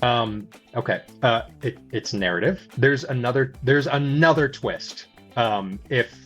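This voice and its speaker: Guy running a tabletop game, lots of uhs and ums, soft music behind. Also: mid-range voice. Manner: halting, many filler sounds. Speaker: game master.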